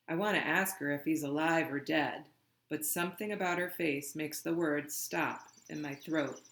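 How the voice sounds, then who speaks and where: A reader reading a children's novel aloud, slow and deliberate. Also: mid-range voice, steady tone, fairly bright tone. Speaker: audiobook reader. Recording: roomy, echoey room.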